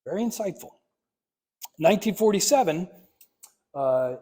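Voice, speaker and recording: A man's voice: on the high side, mellow. A man in his fifties giving a conversational, emphatic history lecture in a library, with wry asides. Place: library meeting room.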